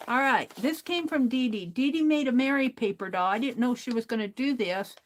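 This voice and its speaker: Speaking fairly quickly in an expressive, fairly high voice with a little hiss or hum in the audio, a middle-aged woman opens craft mail on her livestream. She chats casually with viewers and herself, laughing frequently.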